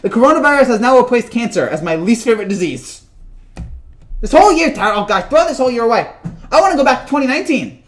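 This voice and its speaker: High-voiced rambling sports vlogger man. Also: big pitch swings, quick pace. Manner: rambling, joking, repeats himself. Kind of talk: casual vlog rant.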